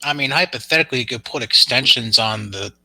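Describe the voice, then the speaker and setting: A man's voice: mid-range voice, fast talker, pushed and bright, no room sound, rough recording. A man co-hosting a podcast, chiming in hesitantly and trailing off. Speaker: podcast co-host. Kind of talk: casual chat.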